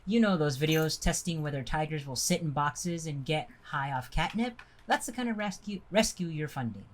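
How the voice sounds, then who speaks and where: Woman reading a text game out loud, kinda low voice, bouncy intonation, laughing at it. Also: expressive, moderate pace, a little hiss or hum. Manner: reads aloud with laughing asides and stumbles. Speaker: game player.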